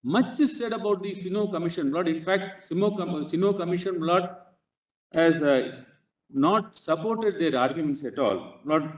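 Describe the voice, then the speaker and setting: Indian advocate peppering "Lord" everywhere. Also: male voice, a little high. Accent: Indian English. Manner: inserts "Lord" into nearly every phrase, halting and insistent. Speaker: advocate arguing before a court bench. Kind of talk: courtroom legal argument. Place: courtroom. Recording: echoey courtroom audio picked up from a distance.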